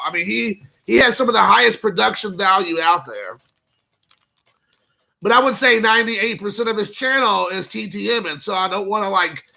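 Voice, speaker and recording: Excitable man with a high, gravelly voice. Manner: excitable, rambling and jokey. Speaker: card collecting vlogger. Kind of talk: casual unboxing chat.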